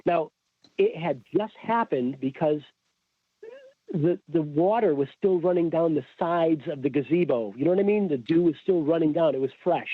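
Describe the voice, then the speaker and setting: A man's voice: fairly high pitch, moderate pace, no echo. A man from Connecticut, a podcast guest, telling a story in casual chat and acting out the quoted voices. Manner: acts out the quoted voices as he tells. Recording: tinny phone-like line.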